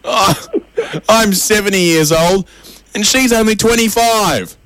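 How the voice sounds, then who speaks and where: A man's voice: high voice, moderate pace, fairly bright tone, no room sound, pitched above the performer's own voice, rough recording. A man voicing a weepy seventy-year-old newlywed who whines and complains, telling a joke. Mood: whiny. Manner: whiny and complaining.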